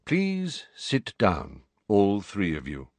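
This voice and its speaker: A man reading aloud and voicing an old male headmaster wizard who speaks quietly, calmly and in measured tones. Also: lowish voice, no echo, exaggerated voice.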